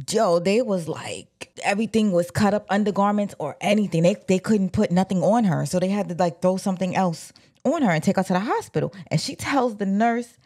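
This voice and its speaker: A woman casually retelling an old scandal from a book, animated and slangy, talking straight to her viewers. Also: lowish voice. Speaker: book commentator. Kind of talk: casual storytelling.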